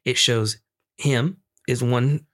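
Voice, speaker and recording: A young man on a podcast, telling a story with loose energy and plenty of swearing. He acts out the people in it as he goes. His voice sits at an ordinary middle pitch. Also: takes it slowly. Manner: animated, swearing, acts out screams and quotes. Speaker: podcast co-host. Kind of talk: casual storytelling chat.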